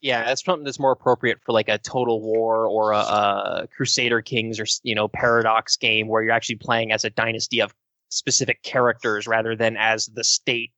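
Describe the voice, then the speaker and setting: A man co-hosting a podcast, joining the casual discussion in a halting way with restarts. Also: on the low side, flat delivery, sharp tone, dry recording. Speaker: podcast co-host.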